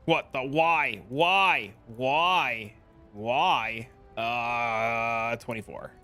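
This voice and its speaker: Bright-voiced young man streaming casually. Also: medium pitch, extremely slow, faint music behind. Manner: loose, slangy, chatty with viewers. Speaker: game streamer. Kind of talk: casual live-stream chat.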